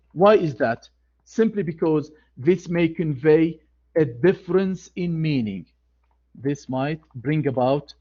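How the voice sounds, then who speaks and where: Slow, repetitive male grammar teacher. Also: fairly high pitch, a little mellow, muffled recording. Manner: slow, deliberate, repeats key phrases. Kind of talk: online grammar lecture.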